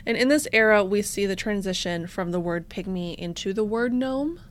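A woman's voice: medium pitch, moderate pace. A woman co-hosting a podcast, chatting casually and jokingly as she tells stories. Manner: joking, storytelling, laughs often. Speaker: podcast co-host.

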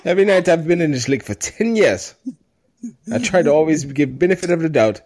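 A man's voice: mid-range voice, sing-song, normal speed, slightly rough. A man doing a playful impression of an aggrieved male pro basketball player complaining about unfair treatment. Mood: whiny. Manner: whiny, mock-indignant, playful impression.

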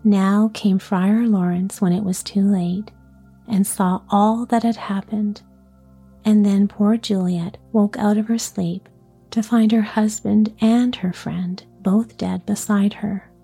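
Soft, slow-reading breathy woman. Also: medium pitch, fairly even intonation, faint music behind. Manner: soft, often whispery delivery. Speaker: storyteller. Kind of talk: scripted storybook narration.

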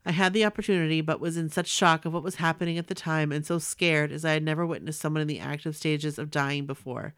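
Woman, 40s, earnest story reader, lower pitch, smooth and clear voice, dry close mic. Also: fairly even intonation, fast talker, few pauses, fairly bright tone, no echo. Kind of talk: reading a personal letter aloud.

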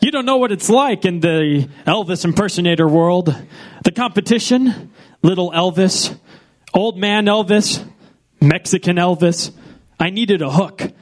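A man's voice: high-pitched, unhurried. An actor playing a nervous man who fakes a clumsy Russian accent in a comedy radio play. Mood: confessing.

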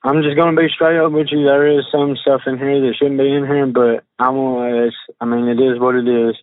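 A man's voice: mid-range voice, little pitch movement, no room sound. Drawling man on a phone line. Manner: halting, drawling, many fillers and restarts. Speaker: witness on a phone call. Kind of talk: phone interview, reading text messages aloud. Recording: tinny phone line, dry.

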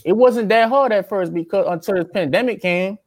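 With no room sound at all, a young Louisiana-accented aspiring rapper chats as an interviewee, his high voice brisk. He's laid-back and drawling, often calling the listener "man" or "brother".

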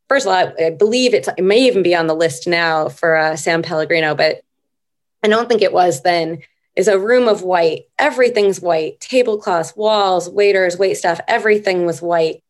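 Slightly low-voiced middle-aged woman storyteller. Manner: unhurried, reflective storytelling. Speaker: podcast guest. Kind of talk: casual interview conversation.

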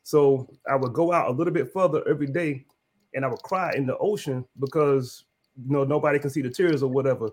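A man's voice: medium pitch, brisk, a little mellow, breathy edge. A man co-hosting a podcast, speaking bluntly and casually with slang. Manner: blunt, laid-back, slangy. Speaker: podcast co-host.

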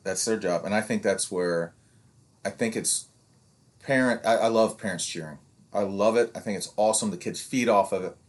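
A man's voice: lowish voice, moderate pace. A man in his fifties, a coach, chatting casually on a podcast and rambling, with restarts and acted-out quotes from parents. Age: 50s. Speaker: youth sports coach and podcast co-host.

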